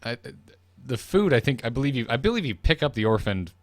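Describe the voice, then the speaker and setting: A man's voice: medium pitch, very animated, a little fast, no room sound. Dry-humored man, close and dead sound. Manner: dry, joking, rattles off facts. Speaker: podcast co-host. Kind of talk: casual gaming podcast chat.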